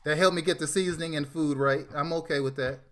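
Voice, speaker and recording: A man on a casual live panel show, with a voice that sits a little high for a man. He explains his views in a measured, steady way and laughs easily at the others. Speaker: panel co-host.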